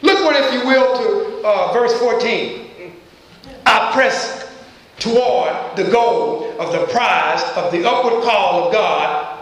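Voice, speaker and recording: A man's voice: high voice, takes it slowly, a bit bright. A man preaching a sermon, throwing questions at the congregation and pressing each point with rising emphasis. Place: church. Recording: echoey church hall.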